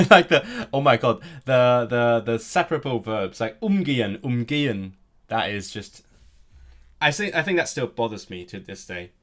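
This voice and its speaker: A man's voice: mid-range voice, animated, moderate pace, a bit bright. A man chatting casually on a live stream, rambling and restarting his sentences often. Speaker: language streamer.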